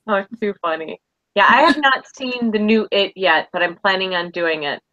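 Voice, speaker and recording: Woman podcast guest, jokey storyteller, crisp bright tone, dry lo-fi sound. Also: mid-range voice, moderate pace, dry recording. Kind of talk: casual chat. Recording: slightly dull lo-fi audio.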